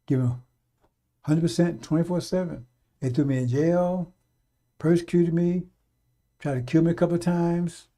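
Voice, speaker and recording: A middle-aged radio preacher with a fairly high, mellow voice delivers a fiery, off-the-cuff sermon. He's blunt and profane, repeating his warnings again and again.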